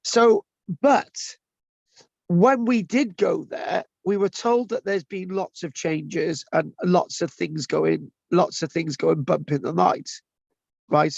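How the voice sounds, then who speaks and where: A high-pitched, creaky, husky male voice delivers an informal online lecture at a slow pace, full of restarts and tag questions. The lo-fi audio is dull and dry with no echo.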